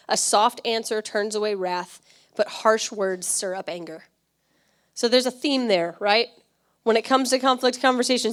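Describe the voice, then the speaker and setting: A woman pastor giving a conversational sermon, chatty and quick to laugh, often checking in with her listeners. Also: mid-range voice. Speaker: church pastor.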